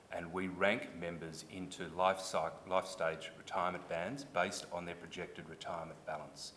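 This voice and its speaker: A man's voice: low-pitched, fairly bright tone, slight background noise. An Australian man giving formal testimony at a public hearing, earnest and explanatory, restarting when pressed.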